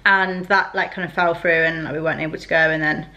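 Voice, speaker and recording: A woman's voice: low voice, fairly even intonation, fast, sharp tone, dull audio. A young woman vlogging to camera at home, talking in a chatty, rambling way full of "like" fillers. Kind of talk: casual to-camera vlog. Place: at home indoors.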